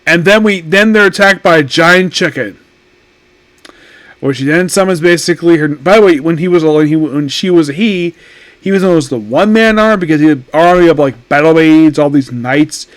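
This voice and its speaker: A man's voice: a little high, brisk, dry recording. A man casually reviewing an anime episode, rambling and often correcting himself mid-sentence. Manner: rambling, self-correcting, animated.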